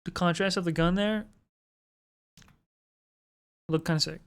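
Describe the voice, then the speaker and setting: A woman's voice: lowish voice, steady tone, unhurried, clean tone. A woman streamer chatting casually to her viewers while she draws, swearing freely and poking fun at herself. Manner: swears freely, self-mocking, talks to chat. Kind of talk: casual live-stream chat while drawing.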